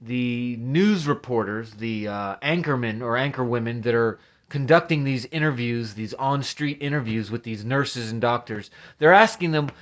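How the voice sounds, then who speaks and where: A man's voice: medium pitch, normal speed, hardly any pauses, dull audio. A man ranting as a vlogger, agitated and profane, often stammering and restarting his sentences. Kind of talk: ranting commentary.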